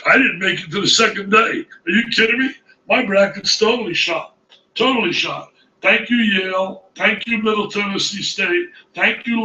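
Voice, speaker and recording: A man's voice: high voice, bright, forceful tone, reverberant, distant mic, dull audio. A man reacting as a college basketball analyst, exclaiming emphatically and repeating his phrases in disbelief. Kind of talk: excited studio reaction commentary.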